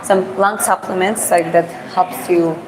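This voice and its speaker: On a live stream, a Georgian-accented woman from Georgia, not a native English speaker, wanders city streets and chats loosely with viewers, answering their questions with lots of fillers. Her voice is on the low side with fairly even intonation and a measured pace. There's crowd noise, and the audio is poor.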